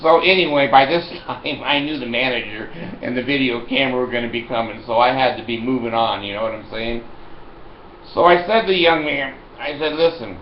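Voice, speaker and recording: An older man telling a rambling comic story, loud and animated, often breaking into laughter. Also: medium pitch, brisk, roomy sound, lo-fi sound, a little hiss or hum.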